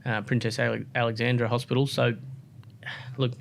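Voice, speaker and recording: An Australian man chats as a podcast guest, spinning long stories in a loose, rambling way. He leans on "like" and "um" as he goes, at an ordinary middle pitch. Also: fairly quick, vocal fry, slight background noise. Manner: relaxed, rambling, many "like" and "um" fillers. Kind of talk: casual interview storytelling.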